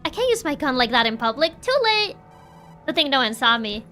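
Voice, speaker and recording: Woman game streamer, bright, self-mocking and giggly, faint game music. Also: high voice, animated, fast. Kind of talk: casual let's play commentary.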